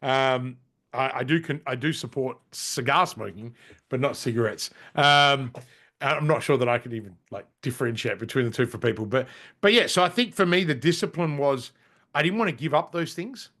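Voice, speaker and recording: A man in his forties, a podcast guest telling stories in casual chat, animated, swearing casually and saying "mate" and "right?". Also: medium pitch, normal speed. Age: 40s.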